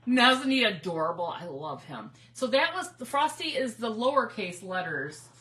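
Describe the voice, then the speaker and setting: A woman's voice: a little high, sing-song, normal speed, pushed and bright. Woman, middle-aged, from Michigan, craft livestream host, chatty, greets viewers, faint background hiss. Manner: chatty, laughs often, greets viewers by name. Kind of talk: casual livestream crafting chat.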